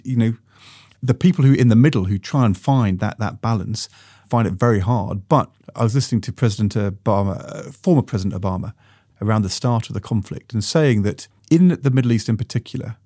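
Low dark-voiced man, husky and dry. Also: no room sound. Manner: measured, nuanced, recounts anecdotes. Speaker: podcast co-host, former minister. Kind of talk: political discussion podcast.

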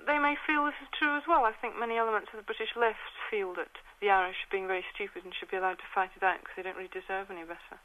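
A woman giving measured, hesitant analytical commentary. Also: medium pitch, bright, forceful tone. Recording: tinny phone-like line.

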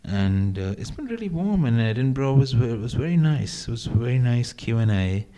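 A man from Mumbai, a film director answering interview questions in a measured way. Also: medium pitch, very animated, mellow. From India, Mumbai. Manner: measured, with frequent fillers and restarts.

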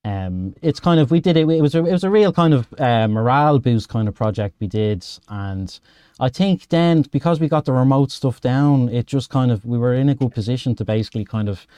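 A man with a Dublin Irish accent, a guest talking casually and warmly with some fillers. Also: mid-range voice, animated, fairly quick, clear, resonant tone, no room sound. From Ireland. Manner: friendly, hesitant with fillers. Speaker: guest, project co-founder. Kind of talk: casual interview.

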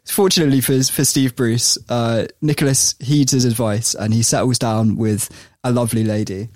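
A man's voice: medium pitch, fairly even intonation, moderate pace, darkish tone, no room sound, clean studio sound. A man, co-hosting a casual podcast chat, telling a story with frequent laughs and restarts.

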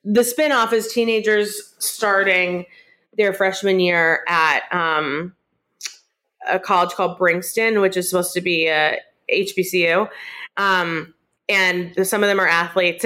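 A woman's voice: fairly low pitch, measured pace, bright, forceful tone. A woman hosting a casual podcast from home, chatting loosely with lots of fillers and jokes. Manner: rambling, filler-heavy, jokey. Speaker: podcast host. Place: at home with cats.

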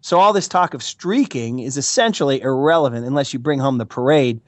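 An American man, a regular pundit, talking sports in a casual, animated way with playful mock emotion. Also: mid-range voice, a little fast, no room sound. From United States. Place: California, Bay Area.

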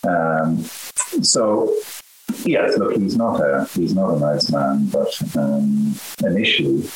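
A middle-aged Irish man, an actor being interviewed, talking in a halting way with many restarts. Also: rumbling low. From Ireland. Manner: halting, full of restarts and fillers. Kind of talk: casual interview chat. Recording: roomy echo with faint hiss.

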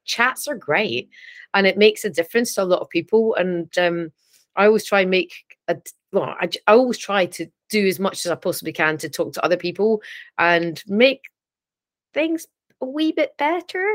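A woman's voice: mid-range voice, expressive, moderate pace. A Scottish woman, a podcast guest, chatting casually and laughing often. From Scotland. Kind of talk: casual chat.

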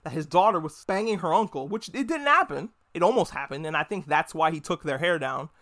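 A man with a notably high voice hosts a casual podcast recap. He jokes and swears his way through the plot. He slips into quick put-on voices for the characters' lines. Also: animated, a bit bright. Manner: profane, joking, acts out characters in quick voices. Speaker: podcast host reviewing a TV episode. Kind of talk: casual recap with acted-out quotes.

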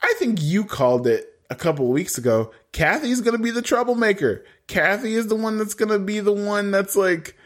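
Animated, exasperated man recapping TV. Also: high-pitched, a little fast, few pauses. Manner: animated, dramatic, mock-exasperated, laughs often. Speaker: podcast co-host. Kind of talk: casual reality-TV recap chat.

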